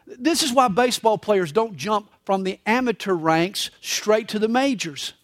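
Male pastor preaching a live sermon, high voice with a wide, lively swing, dry close sound. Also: unhurried, no echo. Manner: expressive storytelling preacher. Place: church service.

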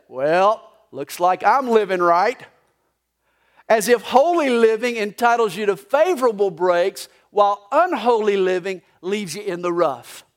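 High-voiced male pastor preaching. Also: a bit bright. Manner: storytelling with jokes and anecdotes. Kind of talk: sermon. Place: church sanctuary during a live service.

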